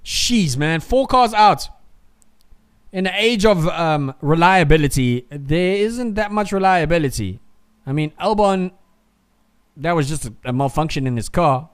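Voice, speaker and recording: A man with a fairly high, smooth, clear voice streams live reaction commentary over a motor race. He rants in heated, profane bursts, then sinks into grumbling asides to his viewers. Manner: heated, profane ranting that swings to muttering.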